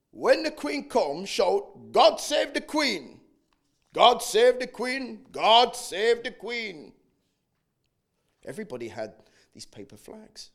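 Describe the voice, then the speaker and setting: A man's voice: on the high side, darkish tone. A man in his eighties with a Jamaican accent, telling his life story and acting out chants and quotes between reflective asides. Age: 80s. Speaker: oral history narrator. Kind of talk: personal storytelling testimony.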